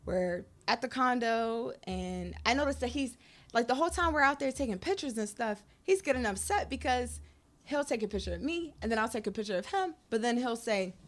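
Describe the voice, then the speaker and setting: A woman's voice: fairly high pitch, animated, a little fast. A woman guest telling her personal story frankly and animatedly, often laughing between lines.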